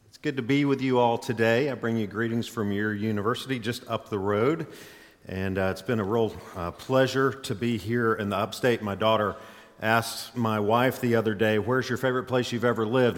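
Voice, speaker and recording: A middle-aged man from Mississippi with a faint Southern accent, preaching as a guest in a church in a folksy, chatty way full of "uh" fillers. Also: lowish voice. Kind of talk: sermon. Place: church sanctuary. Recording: echoey church hall.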